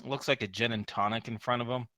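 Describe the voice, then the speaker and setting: A man narrating as game master in a casual tabletop session, animated and often laughing. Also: mid-range voice, fast, no echo. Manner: animated, laughing, loose with fillers.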